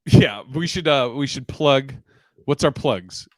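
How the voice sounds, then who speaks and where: A man's voice: medium pitch, expressive, slow, dry recording. A man hosting a casual comedy podcast, loose and laughing with lots of fillers. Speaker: podcast host. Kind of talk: casual chat.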